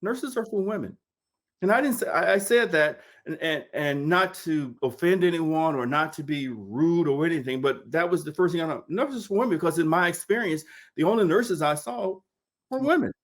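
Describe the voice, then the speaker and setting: A man's voice: on the high side, lively intonation, moderate pace. A man in his fifties from Mississippi, a nurse telling his life story in an oral history interview, acting out quoted dialogue over a video call. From Mississippi, United States.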